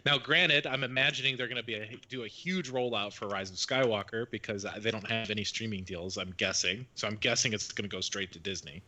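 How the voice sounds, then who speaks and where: A man with a bright, forceful voice hosts a casual podcast. He talks in a chatty, rambling way, full of fillers and restarts. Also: fairly low pitch, fairly quick, hardly any pauses. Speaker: podcast host.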